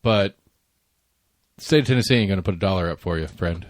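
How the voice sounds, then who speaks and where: A man's voice: deep voice, fast, dry recording. A man, co-hosting a casual podcast chat, rambling, repeating words and swearing offhand. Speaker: podcast co-host.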